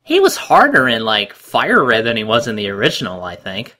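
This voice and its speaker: A man co-hosting a casual watch-along commentary, animated and jokey, swearing casually. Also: fairly low pitch, moderate pace. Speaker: commentary co-host.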